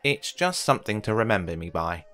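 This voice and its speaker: A man voicing a mean old miser turned generous in a storybook, with high, loud, hurried exclamations. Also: big pitch swings, soft background music. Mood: warm.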